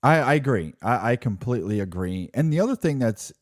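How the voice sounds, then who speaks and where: Here a man co-hosting a film podcast chats casually in a mid-range, expressive voice, moving briskly. He rambles, restarts frequently, and keeps saying "like" and "you know," all captured at studio quality without echo.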